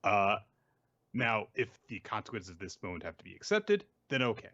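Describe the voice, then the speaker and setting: A man's voice: lowish voice, sing-song, normal speed, fairly bright tone, lo-fi sound. A man co-hosting a podcast, talking casually and thoughtfully with lots of fillers. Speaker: podcast co-host. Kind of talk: casual critical chat.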